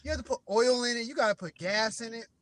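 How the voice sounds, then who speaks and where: High-voiced man rambling on a call. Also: fast talker, a loud crowd. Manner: rambling, lots of fillers and restarts. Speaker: panelist on a video call. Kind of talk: casual movie review chat. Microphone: video call with a dropping connection.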